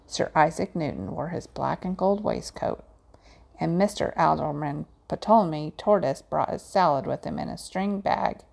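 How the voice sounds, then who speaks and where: A woman narrating a children's storybook aloud in a gentle, measured way. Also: low-pitched, lively intonation, gravelly.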